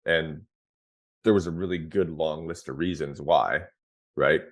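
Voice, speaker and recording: Podcast guest, man, 30s, extremely low voice, frank laid-back storyteller. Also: measured pace. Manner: relaxed, frank, peppered with fillers and restarts. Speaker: podcast guest, former pro hockey player. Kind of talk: candid conversational storytelling.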